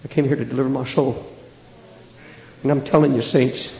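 A man preaching a fiery sermon to a church congregation, with an impassioned delivery that swings from hushed to loud. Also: mid-range voice, fairly even intonation, moderate pace, creaky. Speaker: traveling preacher. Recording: echoey hall with long reverb.

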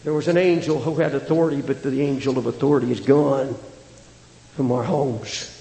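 A man preaching a fiery sermon to a church congregation, with an impassioned delivery that swings from hushed to loud. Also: medium pitch, steady tone, moderate pace, gravelly. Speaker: traveling preacher. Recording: echoey hall with long reverb.

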